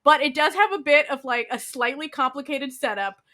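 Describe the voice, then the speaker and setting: A woman's voice: high-pitched, normal speed. A woman co-hosting a podcast, telling a drama's plot in casual chat, acting out the characters' lines and swearing. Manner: animated storyteller acting out quotes, swears, many "like"s. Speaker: podcast co-host.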